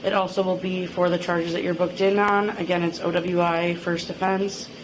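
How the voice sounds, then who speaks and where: Calm low-voiced female officer. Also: moderate pace, noisy background. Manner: calm, procedural. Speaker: police officer.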